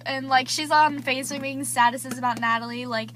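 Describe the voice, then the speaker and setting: A woman's voice: high-pitched, flat delivery, brisk, fairly bright tone, a little hiss or hum. A teenage girl vlogging, rambling through gossip with lots of fillers. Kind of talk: casual gossip vlog.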